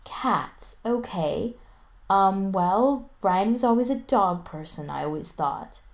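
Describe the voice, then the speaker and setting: A woman voicing a brisk, teasing middle-aged mother in an audiobook, her voice raised and dry. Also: medium pitch, animated, gravelly, voice pushed up. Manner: dry, teasing, mock-stern.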